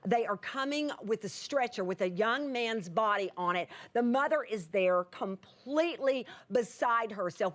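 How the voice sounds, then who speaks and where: High voiced woman giving a sermon, earnest and punchy, keeps asking the crowd if they're with her. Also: fairly bright tone. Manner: earnest, emphatic, calls out to the audience. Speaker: Bible teacher.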